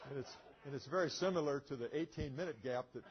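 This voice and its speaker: A man's voice: a little high, fast talker, highs cut off, crowd noise, background noise. An older man, a retired pilot, telling a story in a museum lecture. He acts out the dialogue and often chuckles. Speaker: guest speaker, retired pilot.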